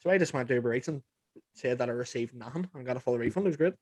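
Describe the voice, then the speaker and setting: A man's voice: mid-range voice, very fast, darkish tone, no echo. A young man with a Northern Irish accent hosting a podcast, telling stories with plenty of swearing and acted-out quotes. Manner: swearing, acts out quotes in anecdotes. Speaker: podcast host. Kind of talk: casual chat.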